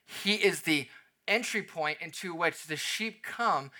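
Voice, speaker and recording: A young adult man preaching a sermon, dropping to a soft emphasis on key phrases and swinging his loudness up and down. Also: on the high side. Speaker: pastor.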